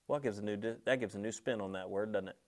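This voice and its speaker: A man preaching a sermon in a conversational way, slowing and stressing key words, then dropping softly on asides to his listeners. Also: fairly low pitch. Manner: slows and swells on key words, drops soft on asides; conversational, speaks directly to listeners.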